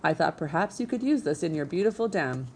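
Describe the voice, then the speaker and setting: A woman voicing a polite female robot mother who speaks in flat, formal sentences without contractions. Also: on the low side, fairly quick, a little hiss or hum. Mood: calm, polite.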